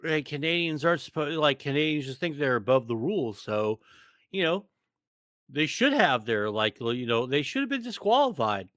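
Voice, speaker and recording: Ranting sarcastically on a casual podcast he co-hosts, this American man rambles, stammers and keeps restarting. His voice is on the high side with big pitch swings, a moderate pace and a fairly bright tone, in clean studio sound without room echo.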